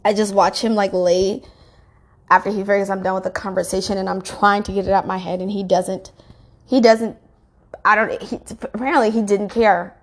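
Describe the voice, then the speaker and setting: A woman telling a painful personal story in a halting, emotionally raw way, often restarting her sentences and swinging from quiet to sharp outbursts. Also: mid-range voice, fairly even intonation.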